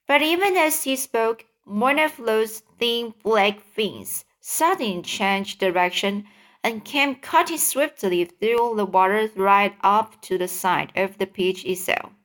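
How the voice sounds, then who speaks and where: A woman reading a children's book aloud, halting, with slips and self-corrections. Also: mid-range voice, expressive, a bit bright. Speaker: reader.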